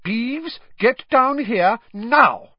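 A male narrator voicing a strict older woman teacher in an audiobook, barking commands in a shrill voice. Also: wildly swooping pitch, a little slow, breathy edge, dry recording, exaggerated voice. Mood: angry. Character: stern older Scottish-style woman teacher, strict and sharp. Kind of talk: audiobook character voice. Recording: dull, dry studio sound.

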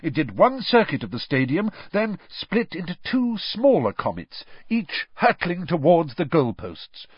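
Slow, expressive husky male narrator. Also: a little high, no echo. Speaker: audiobook narrator. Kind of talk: audiobook narration. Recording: dry, slightly dull recording.

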